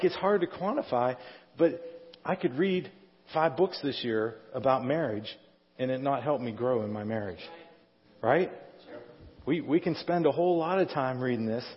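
A middle-aged male pastor preaching a conversational sermon, often asking the congregation questions. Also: medium pitch. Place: church sanctuary. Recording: dull sound in a reverberant hall.

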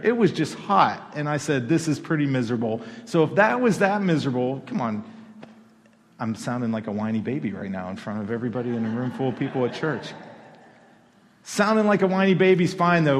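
Man preaching in a reverberant church hall. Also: a little high. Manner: conversational, rising to emphatic peaks. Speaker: pastor. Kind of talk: sermon.

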